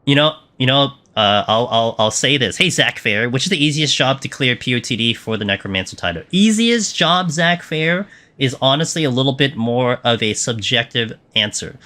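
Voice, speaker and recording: A man's voice: mid-range voice, a little fast, few pauses, bright, forceful tone. A young man streaming a game live, chatting casually and answering viewer questions with lots of fillers. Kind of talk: live gameplay commentary.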